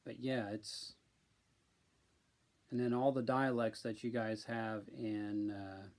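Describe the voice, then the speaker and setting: A man from central Illinois, chatting casually on a live stream and speaking slowly and deliberately with many ums. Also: lowish voice, level tone. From central Illinois, USA.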